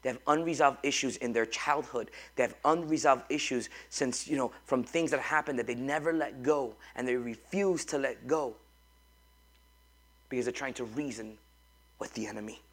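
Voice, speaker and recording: A man's voice: mid-range voice, normal speed, fairly bright tone. A man preaching a sermon to a congregation in a church, emphatic and repetitive, calling on the crowd to respond. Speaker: pastor.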